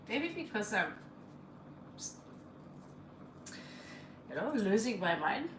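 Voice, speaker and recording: Slow-talking woman reading tarot live. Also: mid-range voice, very animated. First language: not English. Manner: chatty, laughing, reads cards aloud in broken English. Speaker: tarot reader. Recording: echoey room with faint ambient noise.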